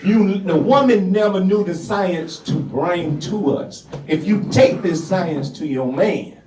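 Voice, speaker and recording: An older man with a Southern US accent doing a loud, animated stand-up comedy set at a café open mic, laughing along with the audience. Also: sits high, takes it slowly. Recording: roomy, distant, crowd noise.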